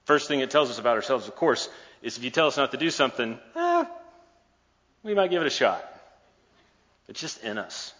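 A man's voice: mid-range voice, very animated, brisk, pauses often, fairly bright tone. A man preaching a sermon, retelling a scripture story in a playful, joking way, recorded in a large hall with a dull sound and long echo.

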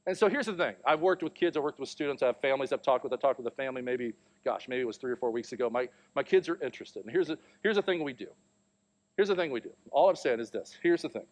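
Animated storytelling male pastor. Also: a little high. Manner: storytelling, animated, acts out quotes. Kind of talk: sermon.

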